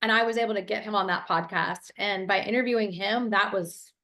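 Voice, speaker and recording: A woman's voice: mid-range voice, steady tone, a little fast, pushed and bright. A woman from Ohio, a business coach, telling her story in an interview over a video call with energy and fluency. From Ohio, USA.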